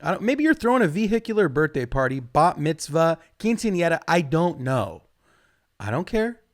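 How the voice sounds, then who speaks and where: A young man doing a stand-up comedy set, rambling and profane, jumping suddenly to loud outbursts. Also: fairly high pitch, sing-song, normal speed.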